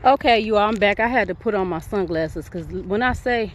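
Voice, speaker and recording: A woman's voice: medium pitch, fairly quick, few pauses, slight background noise. A woman from Michigan vlogging outdoors, giving casual, upbeat encouragement to her viewers in a playful, preachy way. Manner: lively, preachy, playful, speaks to viewers as kings and queens. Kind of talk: casual motivational vlog. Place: outdoors in the sun.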